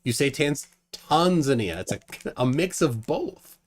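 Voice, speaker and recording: A man's voice: fairly high pitch, expressive, measured pace, slightly rough. A man hosting a casual live debate stream, wry and laughing often as he reads out viewer comments. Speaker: livestream debate host.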